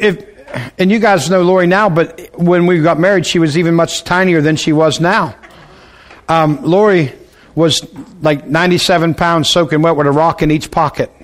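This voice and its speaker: A middle-aged man preaching, telling a comic personal story in an animated, folksy way. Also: on the high side. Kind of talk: humorous sermon storytelling.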